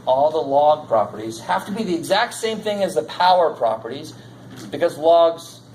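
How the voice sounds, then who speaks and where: A man's voice: fairly high pitch, big pitch swings, normal speed, a little mellow, slight background noise, poor audio. A man teaching a college math class in a lecture, casual and jokey, swearing now and then. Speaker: math instructor.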